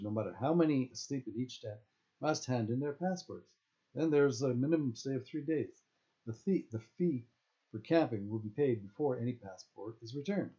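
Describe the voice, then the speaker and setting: A man with a warm, medium-pitched voice reads his own novel aloud like an audiobook. He stumbles here and there and corrects himself mid-sentence. The recording is dull and lo-fi.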